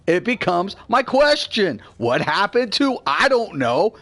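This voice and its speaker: Blunt, high-voiced gaming ranter. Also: male voice, slow pace. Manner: blunt, swears freely, heated and rambling; swings between grumbling low and excited loud. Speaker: gaming channel host. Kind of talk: casual gameplay rant.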